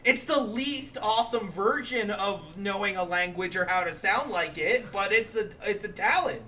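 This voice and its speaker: A man's voice: sits high, moderate pace. Young man, podcast co-host, casual chat, joking, distant mic, faint room noise. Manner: joking, bursts into shouts and laughter.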